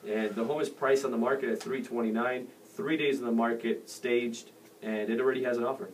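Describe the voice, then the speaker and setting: A man's voice: medium pitch, fairly even intonation, fairly quick. A middle-aged man talks through real estate advice on a radio show. He wanders, restarts his sentences and leans on fillers. His voice sits a little far from the mic, with a faint hiss under it. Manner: rambling with many fillers and restarts. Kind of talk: casual radio advice talk. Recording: distant mic with faint noise.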